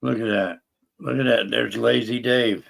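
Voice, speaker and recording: A man's voice: medium pitch, steady tone, normal speed, gravelly, a bit bright. A man wisecracking in a drawl during a casual, crude chat show.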